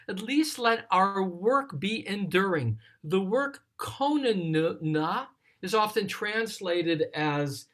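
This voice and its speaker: A teacher leading a text study, explaining scripture in a deliberate, thoughtful way and lingering on single words. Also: mid-range voice, a bit bright. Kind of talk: slow explanatory scripture lesson.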